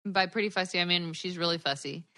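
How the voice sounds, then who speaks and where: A woman co-hosting a podcast in casual chat over a video call, a tired new mother talking in a bubbly, animated way with lots of laughter. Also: lowish voice, fast talker. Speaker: podcast co-host. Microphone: headphones on a video call.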